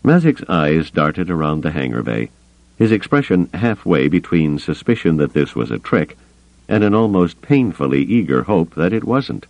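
Deep guy reading an audiobook, steady but pretty expressive pitch, dry dull-ish audio. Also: normal speed, vocal fry, no room sound. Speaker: audiobook narrator. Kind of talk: scripted narration.

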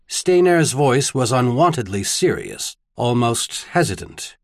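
Casting: male audiobook narrator, husky tone, lively pitch, dry close studio sound. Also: unhurried, dry recording. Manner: expressive storytelling. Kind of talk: scripted narration.

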